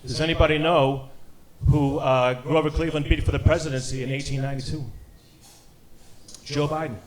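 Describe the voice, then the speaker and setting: A man's voice: fairly high pitch, fairly even intonation, fairly quick. A middle-aged man doing a stand-up set, punchy and wisecracking, with lots of "you know". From Boston area. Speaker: stand-up comedian. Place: comedy club stage with a live audience. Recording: live club recording, loud crowd. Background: audience laughter.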